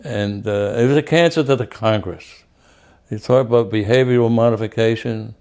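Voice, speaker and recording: A man's voice: medium pitch, moderate pace, darkish tone, clear, resonant tone. An older man, a former congressman bluntly recounting past events in an interview, profane and repeating words as he goes.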